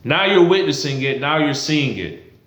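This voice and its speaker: Ranting vlogger, man, fairly high voice, profane and heated, echoey room. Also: lively intonation, moderate pace, fairly bright tone, dull audio. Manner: heated, blunt, profane, repetitive. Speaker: political commentary vlogger. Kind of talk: ranting to camera.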